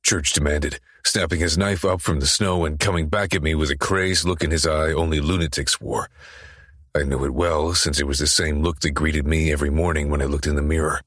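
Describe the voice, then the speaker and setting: Male first-person narrator, deep and husky, intense and urgent. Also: steady tone, brisk, a bit bright, no echo, clean studio sound. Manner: intense, profane, urgent delivery. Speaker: audiobook narrator.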